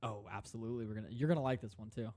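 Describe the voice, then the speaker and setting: A man's voice: lowish voice, racing, warm tone. A man hosting a comedy podcast, rambling crudely through casual banter and laughing often. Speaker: podcast host.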